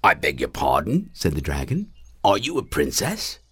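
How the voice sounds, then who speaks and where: A man's voice: low voice, sing-song, moderate pace, a little hiss or hum. A man voicing a young, polite dragon. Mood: earnest. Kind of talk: audiobook character voice.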